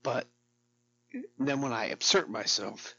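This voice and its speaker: A man's voice: medium pitch, unhurried, vocal fry, fairly bright tone, slightly rough, highs cut off. A middle-aged man vlogging in a rambling, profane, darkly joking monologue to camera.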